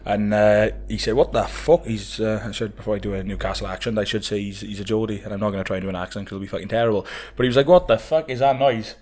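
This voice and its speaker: A man's voice: lowish voice, little pitch movement, rapid-fire, few pauses, darkish tone, slight background noise. A man co-hosting a podcast in casual chat, laddish, swearing freely and laughing often. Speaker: podcast co-host.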